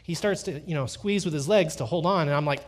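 A man's voice: fairly high pitch, a little fast. Man preaching a sermon, storytelling. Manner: storytelling with animated quoted dialogue. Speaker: pastor.

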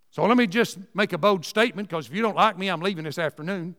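The high-pitched preacher talks a little fast yet leaves long pauses, his tone fairly bright. Folksy and emphatic, he repeats points for effect in his sermon, and his voice echoes with a long reverb as if in a large sanctuary.

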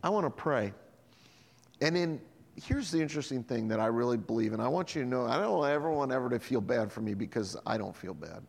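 A man's voice: mid-range voice, a little fast, creaky. A man preaching a sermon as pastor, telling stories and acting out the voices of people in them. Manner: animated storytelling, acting out voices in quotes. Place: church hall. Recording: long hall reverb.

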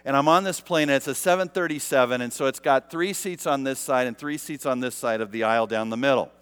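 A man's voice: mid-range voice, fast talker, fairly bright tone, clear, resonant tone. A man telling a humorous personal story to a live audience, casual and self-deprecating, with lots of "like" fillers.

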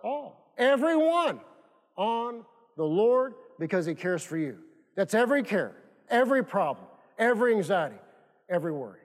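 A man's voice: high voice, very animated, moderate pace. A male pastor preaching a sermon, repeating phrases emphatically and prompting the congregation to answer back. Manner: repetitive, emphatic preaching with call-and-response prompts. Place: church sanctuary. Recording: long reverb of a church hall.

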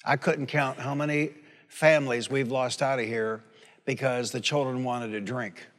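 A man's voice: medium pitch, fairly even intonation, moderate pace. A man in his sixties preaching a sermon as pastor, folksy and conversational, with asides and questions thrown to the congregation. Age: 60s. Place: church sanctuary. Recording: long hall reverb.

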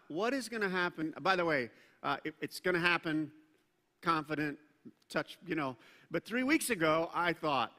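A middle-aged man preaches a sermon in a loose, conversational way, tossing in jokes and sudden bursts of emphasis. His voice is bright and sits a little high for a man. The sound rings out with the long reverb of a large church hall. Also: expressive, normal speed. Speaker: pastor.

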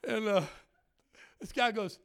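A man from Germany, a traveling preacher and worship leader, preaches a light-hearted sermon, a little slowly and with vocal fry in his high-pitched voice. Animated and jokey, he laughs often and acts out others' voices as he tells stories.

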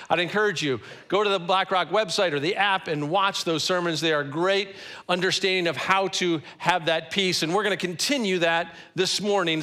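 High, bright-voiced pastor preaching. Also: male voice. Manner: earnest, conversational preaching with emphatic slowed phrases. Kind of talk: sermon.

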